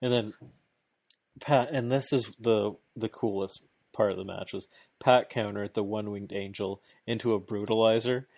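A man in casual chat, recapping a match play by play with excitement, laughing often and restarting his sentences. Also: fairly low pitch, moderate pace, creaky, no room sound.

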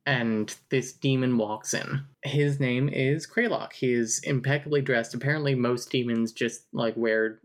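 A woman's voice: extremely low pitch, fairly even intonation, measured pace, hardly any pauses. A woman co-hosting a podcast, casually talking through a story with dry, wry remarks. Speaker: podcast co-host. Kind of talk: casual chat about a story.

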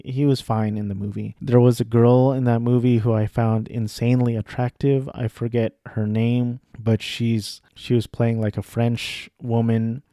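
A man's voice: medium pitch, mellow, no echo, clean studio sound. Rambling young man chatting about movies. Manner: rambling, self-correcting, offhand. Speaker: vlogger. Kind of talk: casual film chat.

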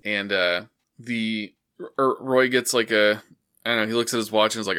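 A man calmly retelling an anime plot in casual chat, stringing his story together with "and, uh". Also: lowish voice, normal speed, smooth. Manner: steady storytelling with many "and, uh" fillers. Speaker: podcast co-host.

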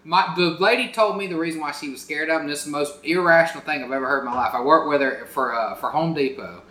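A man's voice: on the high side, fast talker, sharp tone, recorded from a distance. A man, a comedian guest on a podcast, telling loose, crude stories in casual chat. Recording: echoey and off-mic.

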